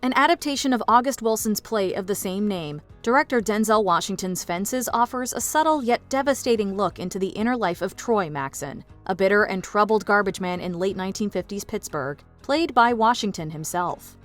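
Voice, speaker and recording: A woman giving polished, even, scripted narration for a film countdown. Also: medium pitch, brisk, few pauses, faint music behind.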